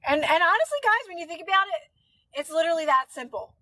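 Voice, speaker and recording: Brief: chatty woman live streamer, high pitch, bright rambling talk. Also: expressive, brisk, rough recording. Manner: chatty, rambling with many fillers. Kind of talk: casual live stream chat.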